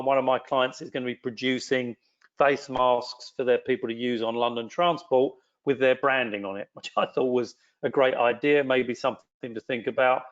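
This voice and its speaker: A man on a webinar call giving measured, hesitant advice with frequent restarts. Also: mid-range voice, lo-fi sound. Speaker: webinar panelist. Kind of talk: advisory talk on a video call. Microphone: video call.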